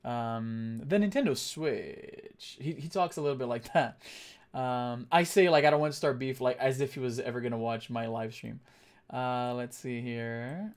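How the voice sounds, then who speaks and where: A young man on a casual live stream, thinking aloud as he works and chatting back to his viewers, with lots of halting fillers and restarts. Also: medium pitch, steady tone. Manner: thinks aloud, reads chat and answers it.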